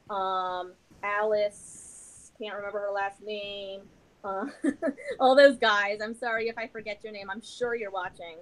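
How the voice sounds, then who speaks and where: A woman's voice: mid-range voice, rough recording. A woman guest on a podcast interview who talks in a chatty, rambling way with many fillers. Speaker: podcast guest and comedy show host. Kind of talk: casual interview chat.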